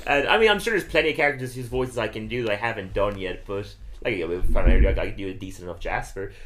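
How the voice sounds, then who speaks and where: A man's voice: fairly low pitch, racing, fairly bright tone. A man hosting a podcast in casual, rambling chat, often stammering over restarts. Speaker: podcast host.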